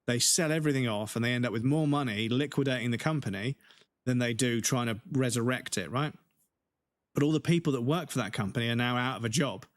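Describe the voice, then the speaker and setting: A man's voice: mid-range voice, a little fast, no echo, clean studio sound. A man streaming a game, ranting heatedly in casual chat and swearing constantly.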